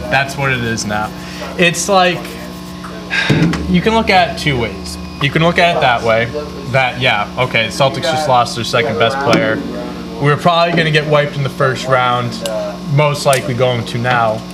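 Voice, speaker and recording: A man co-hosting a podcast, giving animated, opinionated takes in casual sports chat. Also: medium pitch, normal speed. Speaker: podcast co-host.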